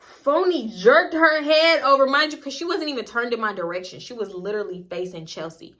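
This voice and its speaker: Give me a young woman storytime vlogger, animated and foul-mouthed, with a high bright voice. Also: fairly quick, few pauses. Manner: animated, profane, gossipy, quotes people. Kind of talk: casual storytime.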